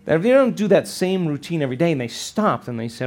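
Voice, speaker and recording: A man's voice: fairly high pitch, big pitch swings, fast talker. A man teaching a seminar to a live audience, often checking in with rhetorical questions and acting out quoted voices. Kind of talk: live workshop lecture.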